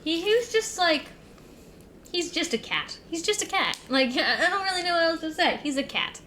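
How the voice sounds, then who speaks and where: A woman's voice: very high voice, very animated, normal speed, sharp tone, a little hiss or hum. A young adult woman streamer telling a long rambling story in casual chat, full of "like" and "um". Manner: rambling, filler-heavy storytelling.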